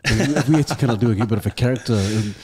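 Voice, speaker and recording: A man co-hosting an interview, asking quick, eager questions and restarting his sentences. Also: medium pitch, a little mellow, husky, dry recording. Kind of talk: casual interview chat.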